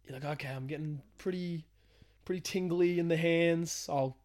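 A man's voice: on the high side, moderate pace, a little mellow. Young guy swearing through a story. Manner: laid-back, swears a lot, laughs while telling. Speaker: podcast co-host. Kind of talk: casual chat, telling a travel story.

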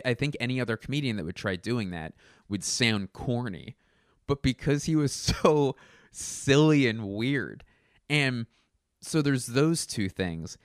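A man in casual chat, rambling and animated, full of fillers and restarts. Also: medium pitch, dry recording, studio quality.

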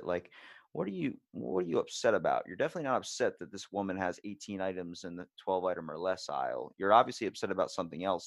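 A man's voice: low voice, no room sound, clean studio sound. A man hosting a podcast, talking bluntly and casually, swearing freely as he tells stories. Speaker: podcast host. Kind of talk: casual conversation.

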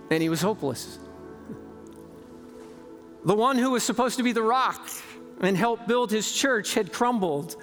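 A man preaching a sermon in a large church, telling a story dramatically and shifting between slow, stressed words and quick bursts. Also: sits high. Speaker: pastor.

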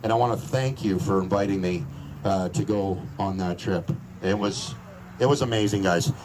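A man's voice: low-pitched, normal speed, background noise. A Canadian man giving a crude, joking, rousing speech at an outdoor rally. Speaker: rally speaker.

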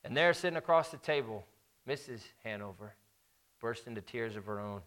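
A man's voice: mid-range voice, expressive, moderate pace, a bit bright. A man preaching a sermon, telling a story and leading a prayer, with emphatic repetition of key phrases.

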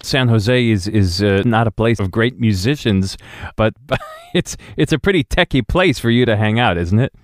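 A man's voice: fairly low pitch, expressive, normal speed, no echo, studio quality. A man hosting an interview, chatting casually with frequent stammered restarts. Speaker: interviewer host, cellist. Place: rural home.

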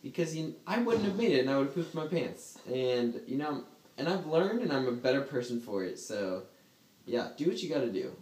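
A man's voice: medium pitch, big pitch swings, brisk, a little mellow. Casual male storyteller, rambling and laughing, fillers galore, roomy echo. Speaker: storyteller in a group chat. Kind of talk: casual chat.

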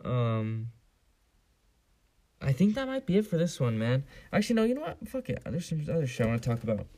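A man's voice: medium pitch, wildly swooping pitch, a little fast, warm tone. A young man in his late teens from San Diego, hosting a solo podcast in a casual, rambling and profane way with lots of fillers. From San Diego area, US. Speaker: podcast host.

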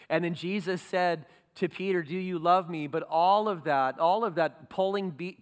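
A man's voice: fairly high pitch, a bit bright, smooth, big-room sound. A man preaching a sermon as pastor, earnest and building to emphatic peaks.

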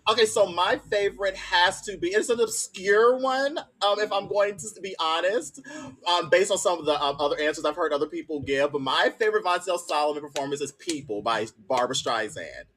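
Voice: mid-range voice, lively intonation, a little fast, a bit bright, low-quality recording. An interviewer asking questions, enthusiastic and admiring toward the guest.

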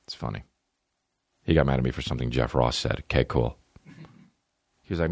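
A man with a very low voice rants casually on a comedy podcast, cursing freely and wandering from one thought to the next. He mutters some asides and then yelps up high in loud outbursts. The sound is close and dry, with no room around it. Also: fast, dry recording. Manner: profane, rambling, animated with sudden high outbursts. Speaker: podcast host.

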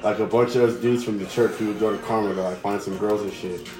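A man's voice: lowish voice, quick pace, over music. Profane young man telling stories, roomy. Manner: profane, animated storytelling with quoted voices. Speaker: storyteller among friends. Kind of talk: casual chat. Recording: roomy with crowd noise behind.

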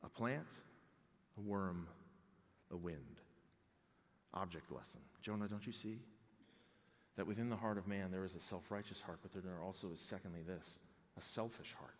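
A male pastor preaching an expository sermon, swinging between loud exclamations and hushed, intimate tones. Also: low-pitched, moderate pace, long pauses. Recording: long hall reverb.

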